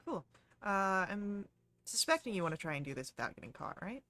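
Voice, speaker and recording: Bright-voiced woman game master. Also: mid-range voice, brisk, no room sound. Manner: relaxed, many fillers. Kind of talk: narrating a tabletop game.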